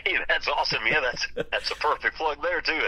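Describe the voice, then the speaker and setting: A man's voice: fairly high pitch, fairly quick, sharp tone, slightly rough, low-quality recording. A man of around sixty from North Carolina, a singer guesting on a radio interview, telling laid-back stories and laughing easily. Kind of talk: casual radio interview chat.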